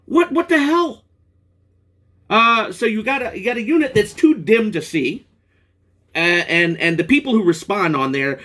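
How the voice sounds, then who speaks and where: A man's voice: a little high, pushed and bright. A man in a profane, rambling vlog rant about a product, angry and restarting often. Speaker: product reviewer. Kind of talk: ranting vlog.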